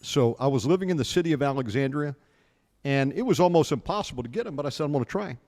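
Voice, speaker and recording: A man's voice: mid-range voice, fast, long reverb tail. A middle-aged American man hosting a radio show, telling stories in a casual chat and acting out the dialogue. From United States. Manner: animated anecdote teller, acts out dialogue.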